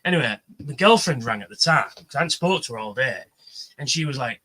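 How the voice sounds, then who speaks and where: A man telling an animated story on a livestream panel, swearing freely and acting out the voices of the people he quotes. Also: mid-range voice, racing, slightly rough, poor audio. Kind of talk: casual chat, storytelling.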